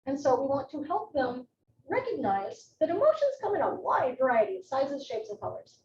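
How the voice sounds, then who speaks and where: A middle-aged woman giving a live educational talk as a nurse presenter, chatty and animated, with personal asides. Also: high voice, normal speed. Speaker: psychiatric nurse practitioner, presenter. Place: presentation room. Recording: echoey room, distant mic, muffled, faint noise.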